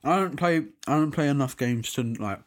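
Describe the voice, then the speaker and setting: A man's voice: mid-range voice, moderate pace. A young man hosting a casual podcast, rambling and swearing freely. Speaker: podcast host. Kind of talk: casual chat.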